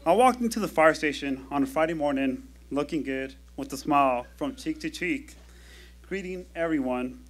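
A man's voice: a little high, lively intonation, normal speed. Man telling a wry story onstage. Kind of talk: live storytelling performance. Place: live showcase stage.

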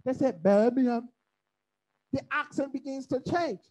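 A woman teaching a Bible study in preaching style, lively and humorous, asking the listeners to fill in her words. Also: high voice, a little slow, low-quality recording. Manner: rhetorical call-and-response questions; lively, humorous, mimics accents.

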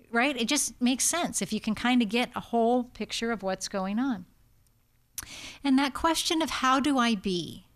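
Lively American woman palliative doctor. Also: on the high side. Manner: lively, anecdotal, acts out quotes. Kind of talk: informal talk, storytelling.

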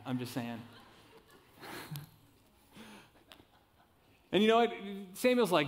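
Guy in his 30s giving a laid-back sermon, kinda high voice, lots of "like" and little jokes. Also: moderate pace, long pauses. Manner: casual, animated preaching with asides and self-deprecating jokes. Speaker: pastor. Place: church sanctuary.

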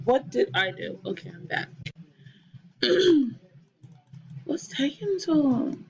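A young woman chatting excitedly to her viewers while playing a life-sim game, full of ums and gasps. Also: high-pitched, slow pace, vocal fry, long pauses, highs cut off. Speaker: gaming channel host. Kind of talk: casual gameplay commentary. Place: bedroom at home, TV in another room.

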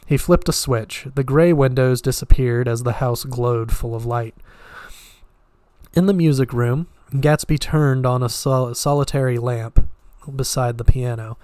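A man reading a novel aloud in a steady, unhurried way, sometimes slipping and restarting a word. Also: mid-range voice, clean tone, dry recording. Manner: steady, with occasional slips and restarts. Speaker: reader.

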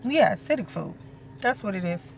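A woman's voice: medium pitch, expressive, moderate pace, a little hiss or hum. A pregnant young woman, talking casually to her viewers in a loose, rambling way and swearing freely. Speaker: vlogger. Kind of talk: casual chat to camera.

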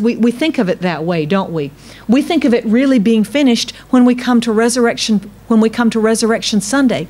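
A woman pastor preaches a sermon, reading scripture aloud and addressing her congregation directly. She uses dramatic pauses, slowing and dropping low on key words, then rising for emphasis.

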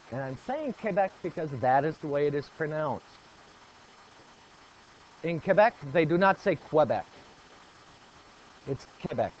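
Lively high-voiced male teacher. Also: slight background noise. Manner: asks the class questions and praises answers; lively, repeats key points. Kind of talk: classroom geography lesson. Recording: dull lo-fi classroom recording.

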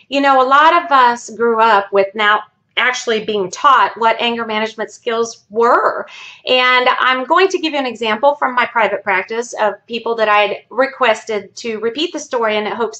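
A woman therapist gives an educational talk straight to her viewers. Her voice sits a little high and sounds bright and forceful. She explains by telling a story. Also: lo-fi sound. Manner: storytelling, friendly sign-offs. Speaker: family therapist.

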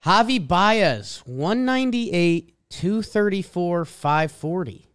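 A man's voice: sits high, expressive, takes it slowly, fairly bright tone, clean tone. A man with a Boston accent co-hosting a casual sports podcast, reading out stat lines with emphatic swings. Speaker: podcast co-host.

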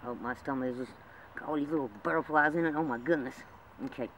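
A man's voice: a little high, steady tone, fast talker, muffled recording. A man talking in a rambling, emotional way in a homemade drama, with frequent laughs. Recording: distant mic with loud background noise.

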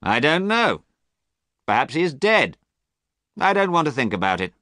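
A man voicing an amused, cynical gentleman in a storybook reading, slow and drawling. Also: fairly high pitch, very animated, no room sound, clean studio sound, pitched above the performer's own voice.

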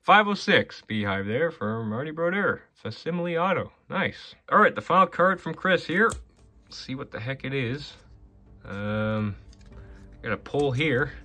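A man casually talking through the hockey cards he got in the mail, chatty and muttering, quick to get excited. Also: medium pitch, faint music behind. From Canada. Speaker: hockey card collector opening mail. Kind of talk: casual commentary while opening cards.

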